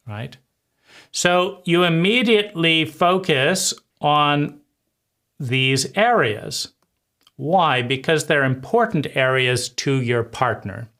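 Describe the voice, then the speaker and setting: A man teaching conversation skills in a deliberate way, often repeating himself and checking in with "right?". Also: medium pitch, pushed and bright. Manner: slow, deliberate, repeats phrases and asks "right?". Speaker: life coach.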